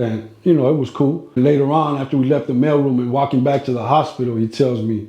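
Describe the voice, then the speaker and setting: A man's voice: mid-range voice, fairly quick, warm tone, highs cut off. A man telling a casual, slangy, rambling story from his own life, recorded with a roomy echo. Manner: slangy, rambling, street talk.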